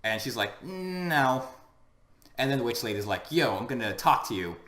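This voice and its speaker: A man's voice: lowish voice, fast, fairly bright tone. Laid-back man in an echoey room. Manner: rambling, laid-back, lots of fillers. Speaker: podcast co-host. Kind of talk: casual chat recapping an anime episode. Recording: roomy echo.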